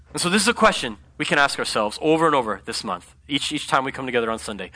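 Fast and with few pauses, a pastor with a slightly high voice gives an animated, conversational sermon. "Right?" he asks the congregation again and again.

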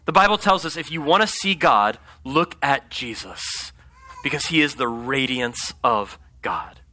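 Speaking a little slowly at medium pitch, a pastor delivers an animated sermon in a conversational style. He often turns to his congregation with "right?"

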